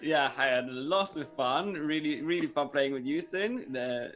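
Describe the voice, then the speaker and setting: A man's voice: a little high, normal speed, fairly bright tone, faint music behind. A man who is a returning guest player, chatting playfully and thanking everyone after a tabletop game. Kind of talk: casual stream chat.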